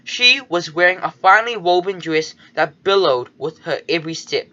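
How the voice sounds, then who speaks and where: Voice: medium pitch, lively intonation, moderate pace, sharp tone, lo-fi sound. A reader narrating a children's storybook in the first person, with a nervous, fussy manner. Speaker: audiobook narrator.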